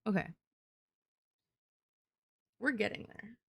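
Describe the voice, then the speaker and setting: Taking it slowly, a young adult woman streamer with a gravelly, medium-pitched voice chats casually to her viewers. Her talk is rambling and profane, packed with "like" fillers, in studio-quality audio with no room sound.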